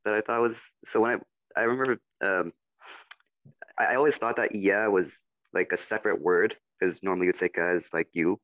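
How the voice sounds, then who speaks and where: A man's voice: sits low, steady tone, brisk, a bit bright, no echo. A male student making a casual, eager comment during a class.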